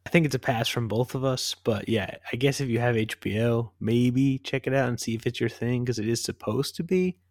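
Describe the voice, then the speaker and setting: A man's voice: mid-range voice, brisk, few pauses, no room sound, clean studio sound. Laid-back man giving movie opinions. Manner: relaxed, heavy use of "like" and "kind of". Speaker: podcast co-host. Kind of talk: casual movie discussion.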